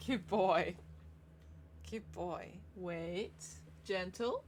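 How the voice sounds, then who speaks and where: A woman's voice: on the low side, very slow, a little mellow, slight background noise. A chatty, giggly woman, musing aloud as she streams herself playing a game. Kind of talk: casual live-stream chat while gaming.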